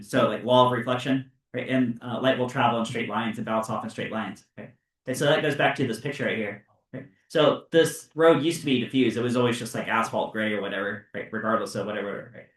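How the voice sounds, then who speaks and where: A male high school physics teacher lecturing his class casually, with lots of fillers and checks of "right?". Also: fairly quick, a bit bright. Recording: roomy classroom, mic far off.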